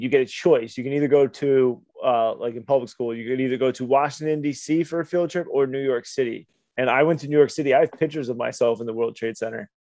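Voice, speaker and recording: Mellow-voiced podcast co-host man. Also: mid-range voice, no room sound. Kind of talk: casual chat. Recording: dull, dry lo-fi audio.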